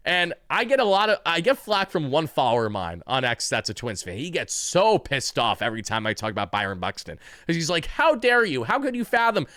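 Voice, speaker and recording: A man's voice: medium pitch, sing-song, brisk, few pauses, a bit bright, no echo, clean studio sound. A man hosting a sports channel, giving opinionated commentary in a conversational way and correcting himself mid-sentence.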